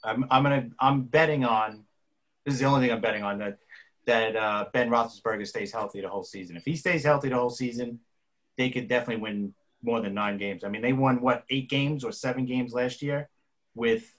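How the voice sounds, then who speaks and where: A man's voice: medium pitch, a little fast, a bit bright, low-quality recording. A man casually weighs his football predictions. He hesitates often and repeats his words as he thinks. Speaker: podcast co-host. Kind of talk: casual sports talk.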